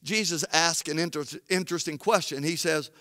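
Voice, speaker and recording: A man pastor preaching an emphatic sermon, rising to shouts at key points, in a church sanctuary. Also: on the high side, brisk, dry recording, clean studio sound, big-room sound.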